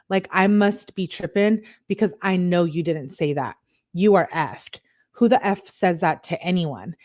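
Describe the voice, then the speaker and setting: Female host, lower register, dry close sound; reads texts aloud, tags each speaker, adds comments. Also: a little mellow, no echo. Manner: plain read-through, tagging each message with who said it. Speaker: true crime channel host. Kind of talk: reading text messages aloud with commentary.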